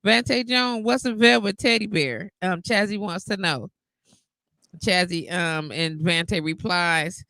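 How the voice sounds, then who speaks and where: A woman's voice: fairly low pitch, measured pace, vocal fry, bright, forceful tone, no room sound. A woman hosting a late-night radio talk show in a playful, teasing way, laughing often. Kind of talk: casual chat.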